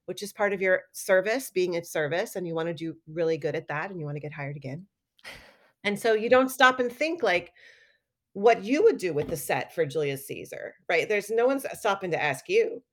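A middle-aged woman telling stories in a casual interview, animated and acting out quoted lines with laughter. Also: fairly low pitch, moderate pace. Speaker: guest artist and educator.

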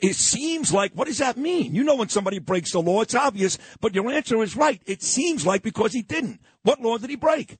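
Combative New radio host, high husky voice. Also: male voice, expressive, fairly quick, few pauses, no echo, rough recording. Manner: combative, interrupts, repeats questions. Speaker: radio talk show host. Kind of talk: heated political radio interview.

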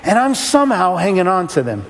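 A man's voice: sits high, very animated, a little fast, gravelly. A man who runs a rescue mission, telling a humorous, self-mocking story to an audience. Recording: long hall reverb.

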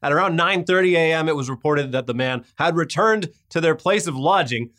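A man's voice: a little high, brisk, fairly bright tone. A man co-hosting a casual chat, blunt and swearing casually, who also reads news stories aloud. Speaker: podcast co-host.

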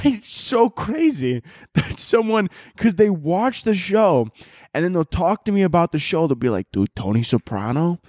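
A man in his twenties hosts a podcast, delivering a casual comedic rant in a high, darkish voice with big pitch swings and a slightly slow pace. He swears a lot, rambles, and laughs often. The studio recording is clean, with no echo.

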